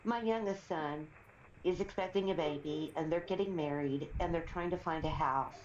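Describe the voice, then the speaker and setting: Her voice is fairly low and a little mellow, moving at a moderate pace as she chats casually on a live stream. The middle-aged woman rambles through stories with frequent laughter, over slight hiss or hum in roomy, somewhat dull audio.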